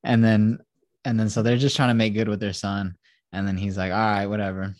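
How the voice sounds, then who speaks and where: Low-voiced man retelling a film. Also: brisk, dry recording, clean studio sound. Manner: animated retelling, acting out characters, heavy swearing. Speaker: podcast host. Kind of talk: casual podcast chat.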